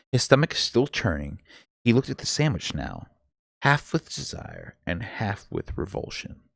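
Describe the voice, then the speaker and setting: Guy reading a novel aloud live, gravelly low voice, super lively ups and downs, dry close sound. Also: no echo. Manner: expressive storytelling with occasional stumbles. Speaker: book reader.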